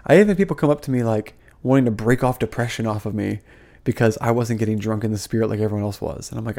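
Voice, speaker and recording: A man's voice: lowish voice, quick pace, vocal fry, mellow. A young man giving casual, heated commentary to camera as a vlogger, full of fillers, restarts and frustrated asides. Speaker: vlogger, former ministry school student.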